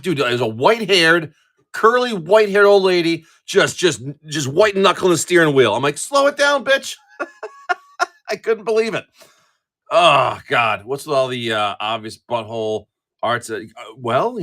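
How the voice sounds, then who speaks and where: This livestreaming card breaker is a middle-aged man whose voice sits on the high side at a moderate pace. Chatty and quick to laugh, he swears a lot and rambles casually, often starting his sentences over.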